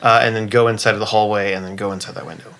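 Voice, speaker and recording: A man narrating as game master in a tabletop game, halting often and laughing as he describes the scene. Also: on the low side, flat delivery, fairly bright tone.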